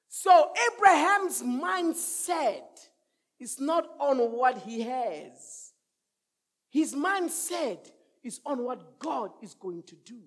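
A male pastor preaching an energetic sermon, shouting lines for the congregation to repeat and whooping. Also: very high-pitched, slow pace.

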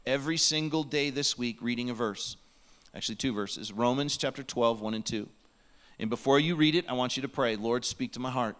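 A man's voice: medium pitch, a bit bright, clear, resonant tone. A man preaching a sermon in a church, earnest and pleading, sometimes dropping to a near whisper. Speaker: pastor. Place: church sanctuary.

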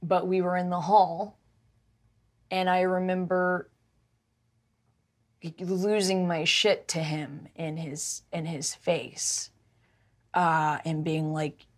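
A woman telling a personal story in casual conversation, emotional and animated, often stumbling and restarting her sentences. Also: on the low side, slow pace, long pauses.

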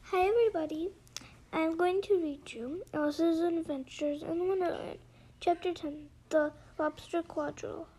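High-voiced woman reading a storybook aloud. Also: moderate pace, dark tone, slight background noise, poor audio. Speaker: storybook reader. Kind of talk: reading a classic children's book aloud.

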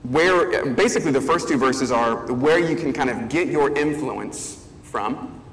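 A man's voice: medium pitch, a little slow. A male pastor giving a conversational sermon, thinking aloud with fillers and restarts. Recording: echoey hall, faint ambience.

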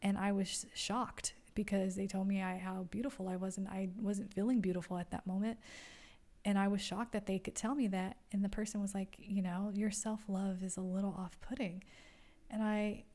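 A woman hosting her own podcast, talking softly and from the heart about her own life, often stopping to restart a phrase. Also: medium pitch, fairly even intonation. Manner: soft-spoken, heartfelt, halting with repeats. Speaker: podcast host. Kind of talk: personal reflective monologue.

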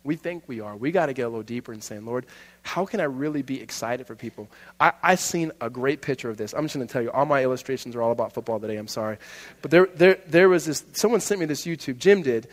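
A man preaching a sermon, telling stories animatedly and dropping to a soft voice for emphasis. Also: medium pitch, fast, in a large hall. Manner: animated storytelling, laughs often, drops soft for emphasis. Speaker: pastor.

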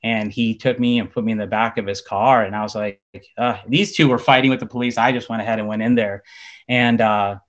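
A man's voice: on the low side, fairly even intonation, fairly quick, highs cut off. A man telling a personal faith story in casual, rambling talk full of fillers. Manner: rambling, many fillers like "like" and "you know". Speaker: person sharing a faith testimony.

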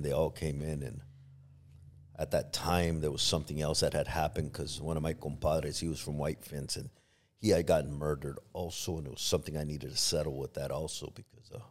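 A middle-aged man, a pastor, telling a personal story in a podcast interview, with many restarts, acting out what others said. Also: rumbling low. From Los Angeles area. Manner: storytelling, acts out quoted voices, many restarts.

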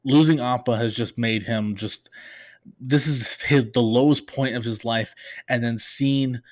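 A man's voice: mid-range voice, steady tone, a little slow, dry recording. A young man hosting a podcast, chatting through an episode recap with many fillers and restarts, openly emotional. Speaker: podcast host.

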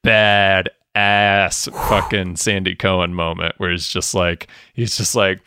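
Low-voiced man retelling a TV episode casually. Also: slow, hardly any pauses, clean tone, dry recording, clean studio sound. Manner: animated retelling, acting out characters' lines, swears and laughs often. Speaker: podcast co-host. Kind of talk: casual chat recapping a TV episode.

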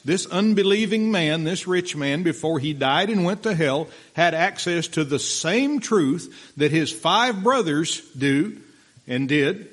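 A man preaching a sermon, reading scripture and explaining it in a slow, deliberate way, pausing for listeners taking notes. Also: on the high side.

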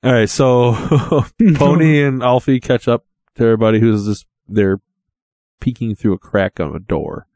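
A man's voice: mid-range voice, a little slow, a little mellow, no echo, studio quality. A man running a tabletop game as game master, narrating loosely and amused.

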